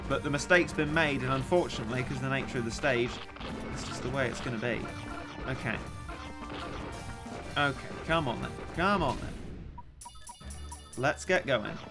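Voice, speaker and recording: Over background music, a young gaming streamer speaks at normal speed in a mid-range voice, leaving long pauses. He chats casually, reading messages from chat and ranting about himself in a self-mocking way.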